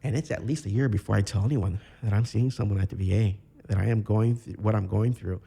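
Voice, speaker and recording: A man from Chicago, a podcast guest, telling his own story in a candid, reflective way with halting restarts. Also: fairly low pitch, steady tone, gravelly, warm tone, slightly rough. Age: 30s. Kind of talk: personal storytelling interview.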